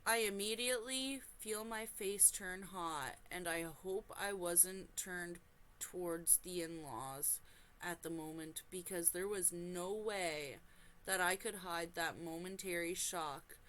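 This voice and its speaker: A woman reads a forum story aloud at an unhurried pace, her voice bright and forward. She keeps stopping for animated, exclaiming asides and apologies. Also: on the low side, a little hiss or hum. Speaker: reaction channel host.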